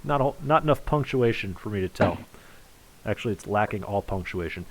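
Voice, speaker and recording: Brisk and animated, this man has a fairly low voice and the audio quality is poor. Doing live commentary on online darts, he announces scores and reads viewer chat conversationally, with his voice shooting up on big finishes.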